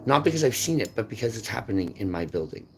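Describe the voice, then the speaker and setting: A man delivering an intense, rambling monologue that jumps between topics, repeats words and swings sharply in loudness. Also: on the low side, very animated, fast talker, slight background noise. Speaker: channel host. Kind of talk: rambling unscripted monologue to camera.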